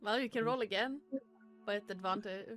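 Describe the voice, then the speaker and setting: A woman's voice: mid-range voice, normal speed, a bit bright, soft background music. A woman running a tabletop game as game master, talking in an easygoing, chuckling way.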